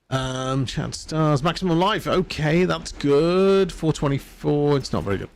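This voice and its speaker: A man's voice: on the high side, expressive, moderate pace, few pauses, slight background noise. A man streaming a video game live, chatting casually in a rambling way and laughing at himself. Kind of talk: casual live-stream chat while gaming.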